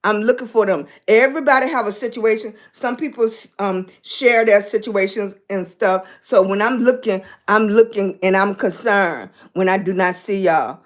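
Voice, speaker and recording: A woman's voice: mid-range voice, normal speed, hardly any pauses. An older woman hosting a casual livestream, chatting with her viewers and thanking them by name. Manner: chatty, thanks viewers by name, folksy Southern-style speech. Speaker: livestream host. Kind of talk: casual live-stream chat.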